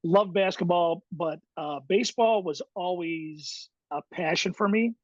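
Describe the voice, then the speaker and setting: A man's voice: high voice, unhurried, no echo. Middle-aged guy telling stories, lots of ums and restarts, kinda muffled dry recording. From Chicago, USA. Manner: warm, reflective, many fillers and restarts. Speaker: guest, high school baseball coach. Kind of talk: casual interview storytelling.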